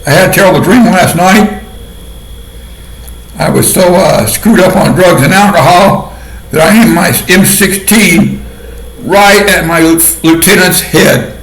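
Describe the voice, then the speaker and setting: A man giving a casual monologue commentary in a sardonic way, laughing often at his own dark jokes. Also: high voice, measured pace. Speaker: video commentator. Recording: echoey room.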